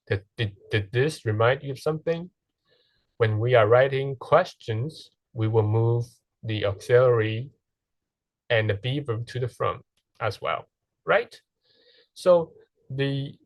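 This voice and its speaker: A man's voice: mid-range voice, dry recording. A man teaching a lesson, explaining step by step and checking in with "right?" and "okay". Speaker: English teacher. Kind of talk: recorded classroom lesson.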